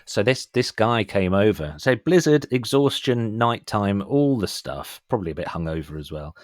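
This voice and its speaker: A British man telling a lively anecdote as a podcast guest, acting out voices and laughing as he goes. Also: lowish voice, normal speed, no echo, studio quality. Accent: British English. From England. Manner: animated storyteller, acts out voices, laughs often. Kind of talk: casual anecdote.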